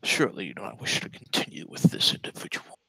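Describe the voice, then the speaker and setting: A man's voice: fast talker, bright, forceful tone, dry recording, lightly acted, poor audio. A man playing an imperious storm god. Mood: stern. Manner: grand, commanding speech.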